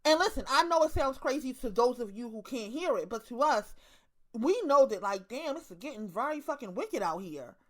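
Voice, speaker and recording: Woman, 30s, Baltimore accent, slightly high voice, blunt, profane monologue with lots of repetition. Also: expressive, moderate pace. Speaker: online commentator. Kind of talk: casual monologue to camera.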